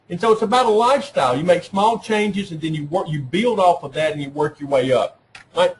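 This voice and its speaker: A man's voice: sits high, brisk, rough recording. A man presenting at a workshop, talking in a conversational way, often checking in with "right?" and making jokes at his own expense. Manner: conversational, keeps asking "right?"; self-deprecating humor. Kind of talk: informal talk at a professional development session.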